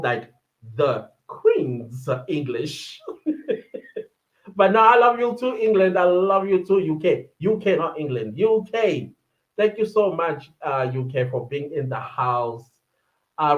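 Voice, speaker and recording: A South African woman hosts a casual livestream, reading viewer comments in a chatty, animated way with quick asides and laughs. The audio is muffled, dull and lo-fi.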